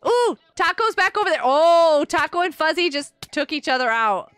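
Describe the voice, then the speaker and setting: A woman streaming a game live, giggling often and reacting excitedly while greeting her viewers. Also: sits high, normal speed, no room sound. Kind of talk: live-stream gameplay commentary.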